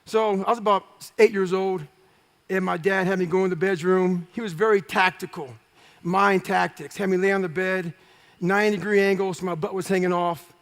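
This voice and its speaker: Gravelly, bright-voiced man telling blunt stories. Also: high voice, fairly even intonation, normal speed. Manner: blunt, profane, punchy storytelling. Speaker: guest speaker. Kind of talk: storytelling interview before a live audience.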